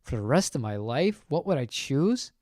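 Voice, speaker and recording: A man's voice: mid-range voice, normal speed, dry recording, studio quality. Opinionated man chatting on a livestream. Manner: rambling, opinionated, animated. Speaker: channel host answering chat. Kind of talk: casual livestream chat.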